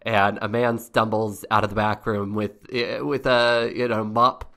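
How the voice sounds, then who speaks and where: A man narrating a comic tabletop game as game master, halting and often breaking into laughter. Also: on the low side, little pitch movement, sharp tone.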